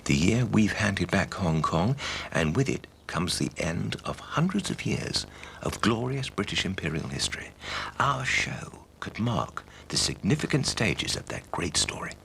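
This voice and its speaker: A man's voice: low voice, very animated, measured pace, gravelly, fairly bright tone, a little hiss or hum, exaggerated voice. An actor playing a pompous man who makes grand theatrical speeches to a friend. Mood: grandiose. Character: pompous middle-aged man with grand show ideas. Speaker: amateur show organiser. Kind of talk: TV soap acting.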